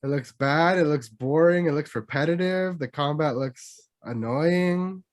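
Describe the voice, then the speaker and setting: A young man co-hosting a gaming podcast, excitable, slangy and casual with swearing. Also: a little high, measured pace, dry recording. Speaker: podcast co-host. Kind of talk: casual chat.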